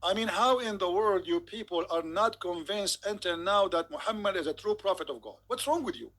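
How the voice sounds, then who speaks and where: A man's voice: high voice, lively intonation, a little fast, fairly bright tone. A man giving a sarcastic, mock-incredulous comedic monologue. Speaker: comedic commentator.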